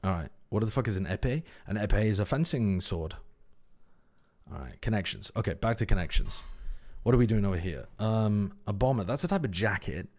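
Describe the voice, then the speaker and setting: A man's voice: fairly low pitch, expressive, a little fast, darkish tone. A man hosting a casual livestream, thinking aloud as he works a word puzzle, repeating words under his breath and swearing casually. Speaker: stream host.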